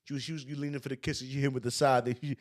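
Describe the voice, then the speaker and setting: A man reacting to a clip, laughing often and talking in loud, slangy disbelief. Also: medium pitch, level tone, very fast. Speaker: streamer reacting to a video. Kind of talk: casual reaction commentary.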